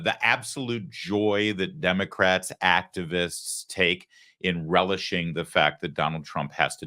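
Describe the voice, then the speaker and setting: A man's voice: fairly low pitch, pushed and bright. A man hosting a political talk show, delivering a sarcastic, emphatic opinion monologue. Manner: sarcastic, emphatic, plays clips and breaks them down.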